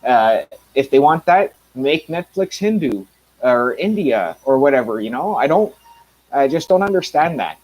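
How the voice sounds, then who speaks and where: A man with a mild Canadian accent rambles to his viewers in a casual monologue, full of ums and false starts. He is blunt and talks at an ordinary middle pitch. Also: very animated, measured pace, lo-fi sound. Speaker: reviewer.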